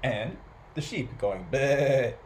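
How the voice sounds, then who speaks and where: Male library storyteller, lively and singsong, playful with sound effects for kids. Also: mid-range voice, moderate pace, poor audio. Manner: animated, playful, with animal and noise sound effects. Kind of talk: children's story read aloud.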